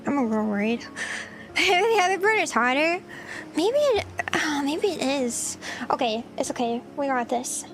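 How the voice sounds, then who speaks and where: Her voice is high and sing-song, moving at a moderate pace over slight background noise. She's a woman cooking on a livestream, giggly and a bit flustered as she talks with her chat.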